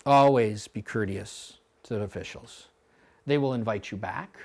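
Blunt, animated male rowing coach. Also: a little slow, gravelly. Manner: blunt, animated, mimics rowers in high voices. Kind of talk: coaching clinic talk.

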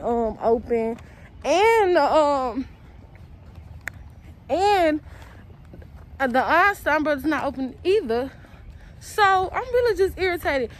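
A woman's voice: high-pitched, very animated, slow, pauses often. A young woman, talking casually to her viewers while walking around a college campus, chatty and full of slang. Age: young adult. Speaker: college student vlogger. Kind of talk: casual walk-and-talk vlog. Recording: outdoor traffic noise behind.

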